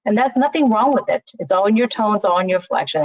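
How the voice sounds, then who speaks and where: A woman's voice: medium pitch, lively intonation, fast talker, few pauses, a little mellow, breathy edge, no room sound. A woman recruiter speaking casually in a webinar, often saying "you know" and restarting her sentences. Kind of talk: webinar talk on interview skills. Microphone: video call. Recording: slightly muffled, dry online call audio.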